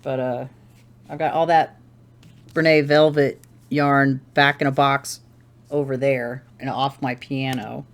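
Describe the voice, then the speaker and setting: Knitting at home, the host of a crafting channel talks casually, wandering off on tangents and correcting herself while thinking out loud. She speaks slowly in an extremely low voice that barely moves in pitch.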